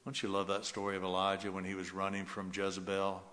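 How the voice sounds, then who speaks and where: A man preaching a sermon, swinging from loud rising exhortation to hushed, soft passages. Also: deep voice, monotone, fast talker, big-room sound. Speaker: pastor.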